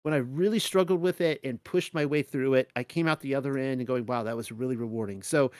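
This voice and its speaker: A man's voice: medium pitch, fast talker, no echo, clean studio sound. A young adult man talking casually through a Bible study, rambling with many restarts.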